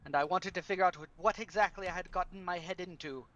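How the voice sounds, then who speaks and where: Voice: medium pitch, fast talker, a bit bright, dull audio, close to an everyday voice. A player doing a wry halfling adventurer. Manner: wry, dry humor. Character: dry-witted male halfling adventurer. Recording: far from the mic.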